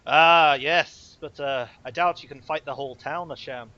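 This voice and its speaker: A man's voice: on the high side, moderate pace, muffled recording, natural voice. A man voicing a shrewd bearded male shopkeeper who haggles hard and won't budge. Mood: haggling. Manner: haggling, dry and stubborn.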